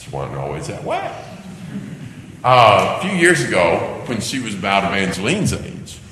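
An older pastor delivers a sermon in a lower register with a bright, forceful edge. He tells family stories in an animated way, his pitch swinging widely. His voice rings out in a large reverberant hall, with faint noise behind him. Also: moderate pace. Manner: animated storytelling, acting out children's cries.

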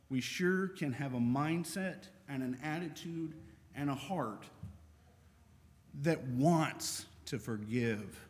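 Conversational preacher, higher-pitched man. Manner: conversational, reads scripture aloud. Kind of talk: sermon. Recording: long reverb of a large hall.

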